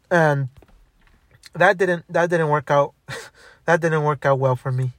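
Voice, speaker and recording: Young man venting about his past, bitter and profane, rambling, somewhat high pitch, dry recording. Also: takes it slowly, pauses often, no room sound. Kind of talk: angry personal storytelling monologue.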